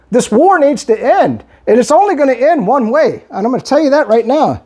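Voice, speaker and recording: Heated man ranting, lively pitch. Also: brisk, few pauses. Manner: heated and argumentative, with many restarts. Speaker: political commentary vlogger. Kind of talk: monologue reading and replying to viewer comments.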